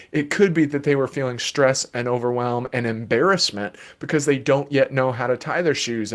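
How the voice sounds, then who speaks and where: Man, children's therapist, live parenting Q&A, calm, explanatory, mid-pitched voice. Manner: calm, explanatory, gently playful.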